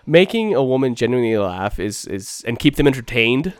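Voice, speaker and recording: Male podcast host, mid-range voice, chatty and animated storyteller, close dry mic. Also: medium pitch, a little fast, clear, resonant tone, no echo. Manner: animated storyteller, acts out quotes. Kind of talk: casual chat.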